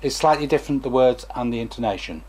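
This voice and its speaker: A man's voice: medium pitch, animated, fast talker, darkish tone, slightly rough. A former stammering therapist, a man, gives a chatty, digressive talk to camera and acts out examples as he goes.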